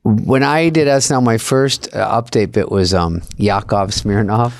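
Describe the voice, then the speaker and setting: A man's voice: lowish voice, measured pace, creaky, dry recording. A man co-hosting a podcast, telling anecdotes in a dry, self-deprecating way. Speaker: podcast co-host. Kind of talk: casual chat, anecdotes.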